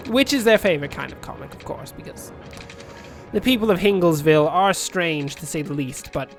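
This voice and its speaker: A man's voice: on the high side, moderate pace, vocal fry, faint music behind. Rambling, jokey man commentating a game. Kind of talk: let's play commentary.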